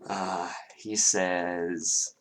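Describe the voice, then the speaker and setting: Halting man narrating as game master. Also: sits low, flat delivery, fairly bright tone, slight background noise. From Southern US. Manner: halting, many fillers.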